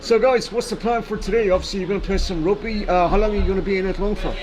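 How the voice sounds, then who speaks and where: A man's voice: sits high, rapid-fire, a little mellow. A man interviewing guests at an outdoor rugby ground, chatty and encouraging, with plenty of filler words. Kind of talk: pitch-side interview.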